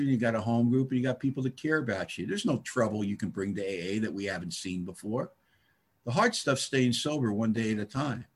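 A man's voice: mid-range voice, slightly rough. A middle-aged man speaking at a recovery meeting, telling his story with wry, self-mocking humor.

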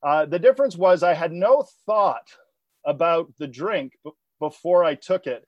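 Man sharing his recovery story, fairly high voice, halting delivery, dry and dull lo-fi sound. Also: animated, dry recording. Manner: halting, many restarts and repeated words. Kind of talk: personal recovery talk. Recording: dull lo-fi recording.

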